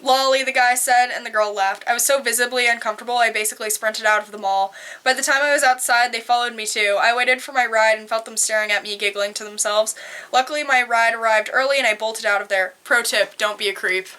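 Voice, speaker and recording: A young adult woman cosplayer reading posts aloud and reacting in an animated, blunt way, swearing casually. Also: fairly high pitch, fast talker, clean tone.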